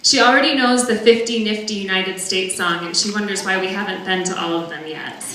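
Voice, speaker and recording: Young woman, bright voice, earnest prepared speech, podium mic, heavy hall echo. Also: medium pitch, slight background noise. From northern Wisconsin. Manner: earnest, measured, heartfelt. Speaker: parent giving a benefit speech. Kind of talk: prepared speech read aloud. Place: large banquet hall. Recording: very echoey banquet hall.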